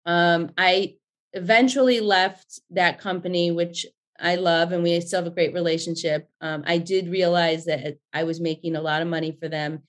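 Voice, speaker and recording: A woman in her forties, a podcast guest, telling stories in a lively, chatty way and swearing freely. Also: fairly low pitch, normal speed. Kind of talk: casual storytelling chat.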